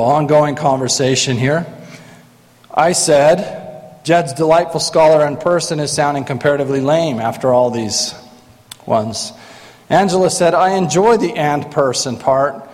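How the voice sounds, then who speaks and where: A man's voice: a little high, normal speed, a little mellow. A man introducing panel members with dry joking asides, in a large hall. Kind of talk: lighthearted introductions. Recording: long hall reverb.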